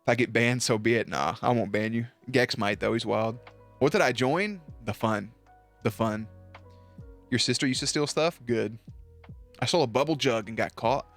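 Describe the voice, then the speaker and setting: A man's voice: mid-range voice, normal speed, a bit bright, soft background music. A young man streaming live, telling stories to his chat in a casual, profane and laughing way.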